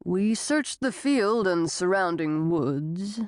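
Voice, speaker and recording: A woman voicing a doubting male sheriff who speaks in a measured, dismissive way. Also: fairly low pitch, animated, a little mellow, no room sound, clean studio sound. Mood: skeptical. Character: skeptical, unhurried male small-town sheriff.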